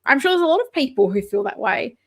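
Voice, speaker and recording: A woman's voice: sits high, very animated, fast talker, fairly bright tone. An Australian woman hosting a casual livestream, chatting and answering viewer comments. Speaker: livestream host.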